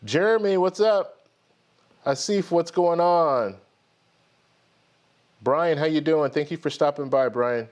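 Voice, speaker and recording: A man's voice: a little high, slow, pauses often, darkish tone. A man hosting a live stream, greeting viewers by name in a friendly way and then telling his own story in a rambling manner, often restarting his sentences. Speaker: host of a live stream credit card show. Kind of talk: casual live stream chat.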